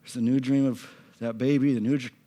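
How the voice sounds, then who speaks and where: A man preaching a sermon from a church stage, swinging between loud emphatic lines and hushed, near-whispered passages. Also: mid-range voice, steady tone, a little fast. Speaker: pastor.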